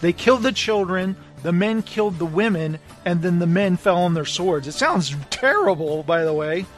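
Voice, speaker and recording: A man co-hosting a podcast, casually recapping a book and acting out the lines in quick voices. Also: sits high, soft background music. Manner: animated retelling with quoted voices. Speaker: podcast co-host.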